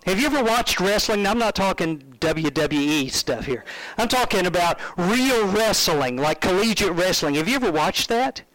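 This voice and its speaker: High-voiced male preacher, dry sound. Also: moderate pace, dry recording, poor audio. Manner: conversational, animated storytelling, asks the audience questions. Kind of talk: sermon.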